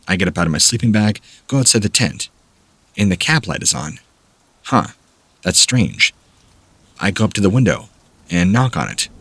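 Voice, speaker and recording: A man reading first-person scary camping stories aloud as a measured, steady narrator. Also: deep voice, husky, no echo. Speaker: horror story narrator.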